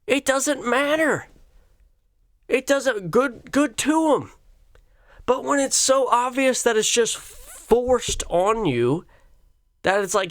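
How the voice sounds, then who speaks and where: A man's voice: very high voice, lively intonation, slow pace, long pauses, fairly bright tone, dry recording. A man hosting a solo comedy podcast, ranting in a sarcastic, profane way. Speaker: podcast host.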